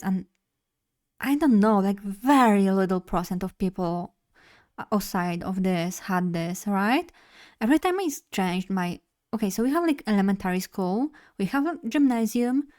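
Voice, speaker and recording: This young streamer's voice is mellow and mid-range. Her first language is Polish, and her casual live-stream chat drifts around, full of jokes at her own expense and quick laughter.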